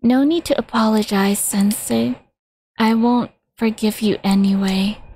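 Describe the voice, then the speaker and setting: A woman voicing a dying young girl who pleads weakly and slowly, close to a whisper. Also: fairly high pitch, steady tone, a little mellow, a little hiss or hum. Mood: weak, pleading.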